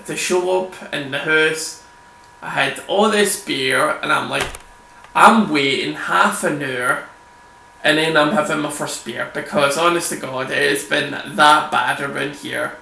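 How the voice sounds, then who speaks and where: This man's voice leans high, sounding creaky yet bright and forceful. As a gameplay video host he talks loosely while playing, full of rambling, cursing and laughter. A desk mic records him in an echoey room with faint hum.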